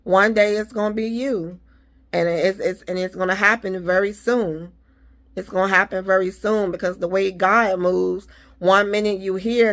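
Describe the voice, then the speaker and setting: A woman talking casually to her viewers, giving faith-filled encouragement and repeating her reassurances. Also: medium pitch. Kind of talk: casual motivational talk.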